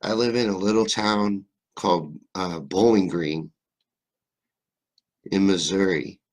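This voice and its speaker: Deep-voiced man with a faint Southern drawl. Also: fairly even intonation, takes it slowly, darkish tone. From Kentucky, USA. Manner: rambling, joking, swears freely. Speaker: livestream host. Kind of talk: casual live-stream chat reading comments.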